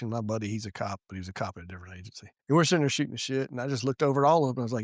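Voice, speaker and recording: A middle-aged man, a retired police sergeant telling stories in a casual podcast chat, profane and animated. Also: medium pitch, rapid-fire, hardly any pauses, no room sound, clean studio sound.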